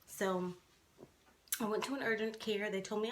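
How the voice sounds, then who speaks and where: A woman's voice: mid-range voice, fairly even intonation, normal speed, slight background noise. A woman in her twenties telling her own life story to the camera, speaking candidly with many fillers and restarts. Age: 20s.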